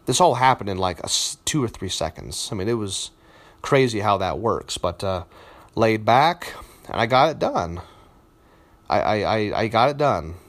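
Candid lower-voiced man in his thirties. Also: moderate pace. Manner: relaxed and candid, with frequent fillers and repeated words. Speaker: competitive powerlifter. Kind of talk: casual spoken account.

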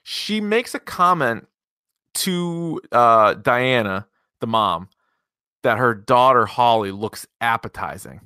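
A man's voice: mid-range voice, lively intonation, slow pace, bright, forceful tone, clean tone, no room sound, clean studio sound. A man casually recapping a horror movie with a co-host, laid-back, swearing and laughing often. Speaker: podcast co-host.

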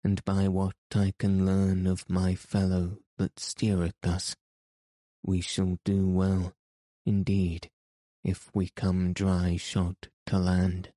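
A man's voice: low voice, monotone, takes it slowly, mellow, no room sound. A man reading the lines of an earnest, loyal young squire who speaks in archaic, respectful phrases in an audiobook.

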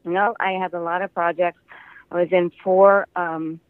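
Older midwest guy on a crackly phone line, kinda high voice, chatty, laughs a lot. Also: level tone, normal speed, clean tone, no echo. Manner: chatty storyteller, laughs often. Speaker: guest actor. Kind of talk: casual interview over the phone. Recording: tinny phone line, dry.

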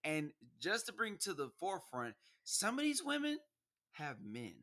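Young guy cohosting, slangy and lively, bright punchy voice. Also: high-pitched, normal speed. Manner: animated storyteller, slangy, acts out quotes. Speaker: podcast co-host. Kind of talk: casual chat.

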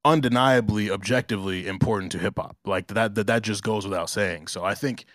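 A man from New Jersey talks casually on a podcast in a lowish voice. He loops through fillers and self-corrections as he works out his point. The sound is dry and close to the mic. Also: a little fast, fairly bright tone, no echo. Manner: conversational, filler-heavy with restarts. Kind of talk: casual chat.

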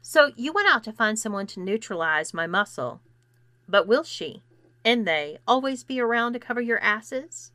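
A woman's voice: on the high side, big pitch swings, normal speed, pushed and bright, dry recording. A woman voicing a haughty, sneering teenage girl bully in a storybook reading, with a terse, scornful manner.

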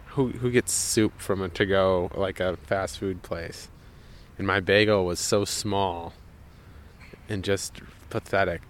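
A man's voice: low-pitched, steady tone, slow. A man telling a personal anecdote for a radio show, emphatic and repeating words for effect. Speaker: storyteller.

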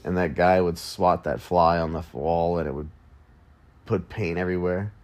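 A man's voice: low-pitched, steady tone, normal speed, no echo. A man hosting a solo podcast, rambling casually and mocking himself with jokey asides in the early morning. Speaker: podcast host.

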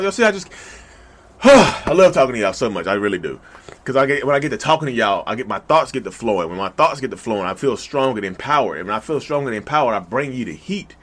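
Animated man talking to viewers. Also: mid-range voice. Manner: animated, gets loud and hyped, talks straight to viewers. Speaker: YouTube channel host. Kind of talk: casual direct-to-camera talk.

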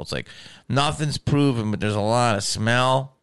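A middle-aged man and actor ranting in casual talk, swearing constantly and sounding exasperated, his voice climbing higher as he gets riled up. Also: measured pace, a bit bright, clear, resonant tone. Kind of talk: profane casual rant.

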